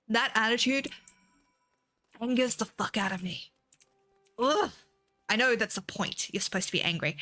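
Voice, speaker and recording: A woman's voice: fairly high pitch, normal speed, long pauses, bright, forceful tone, soft background music. A young woman chatting casually on a game stream, swearing freely and laughing often. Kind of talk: casual gameplay stream chat.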